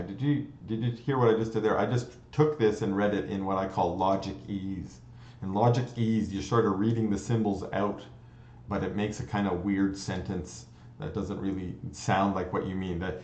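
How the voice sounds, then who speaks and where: A man's voice: low voice, a little mellow. A man teaching a computer science lecture, explaining step by step, restarting phrases and checking in with "okay?". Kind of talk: recorded lecture. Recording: dull, roomy lecture recording.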